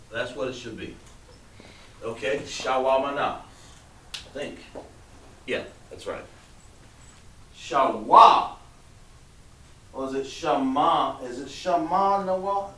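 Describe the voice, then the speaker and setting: Male teacher, slow and patient, heard from across an echoey room. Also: mid-range voice, pushed and bright. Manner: patient, coaxing, trails off while writing. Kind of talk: classroom instruction. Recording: roomy, distant mic with background noise.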